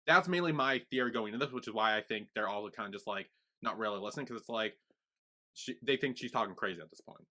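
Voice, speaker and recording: A man's voice: fairly low pitch, quick pace. A man co-hosting a podcast, casually offering his theory with lots of fillers. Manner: relaxed, filler-heavy theorizing. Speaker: podcast co-host. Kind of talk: casual chat.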